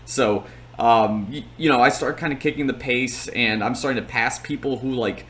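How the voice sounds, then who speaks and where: A man's voice: mid-range voice, moderate pace, fairly bright tone. A young man talking casually and at length, with plenty of fillers, as he recaps his race on his channel. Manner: chatty, rambling, lots of fillers.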